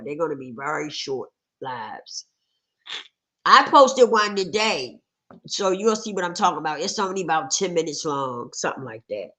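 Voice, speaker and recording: A woman hosting a casual livestream, hoarse and rough-voiced from a cold, greeting viewers in a lively, chatty way. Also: lowish voice. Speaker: livestream host.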